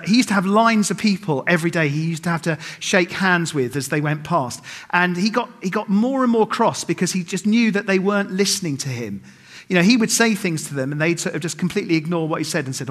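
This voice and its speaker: At a church service, a middle-aged man delivers a sermon full of humorous stories, acting out quotes and tossing self-deprecating asides to the congregation. His voice sits on the high side with a fairly bright tone.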